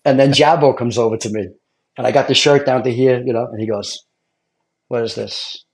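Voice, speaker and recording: A middle-aged man from Brooklyn with a New York accent, a retired fire lieutenant telling animated stories and acting out quotes. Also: medium pitch, fast talker. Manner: animated storyteller, acts out quotes, laughs often. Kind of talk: casual storytelling chat.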